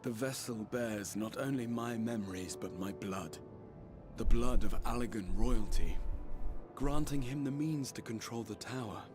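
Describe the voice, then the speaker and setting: A man streaming a game reads the lines of an earnest, noble young male mage leader in a solemn, measured way. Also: medium pitch, close to an everyday voice. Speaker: streamer reading game dialogue aloud. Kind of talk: fan voice reading of game cutscene lines. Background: game music.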